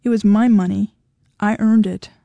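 A woman's voice: medium pitch, steady tone, moderate pace, creaky, dark tone, no echo, close to an everyday voice. A woman voicing a firm, impatient woman who speaks bluntly. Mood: flat.

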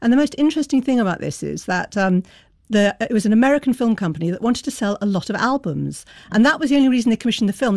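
A woman's voice: mid-range voice, darkish tone, dry recording, studio quality. A woman author speaking as a guest in a radio discussion, explaining with enthusiasm. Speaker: author and cultural commentator. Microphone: studio mic.

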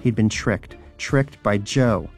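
A man's voice: on the low side, takes it slowly, faint music behind. A man narrating a comic audiobook in a dry, wry storytelling manner.

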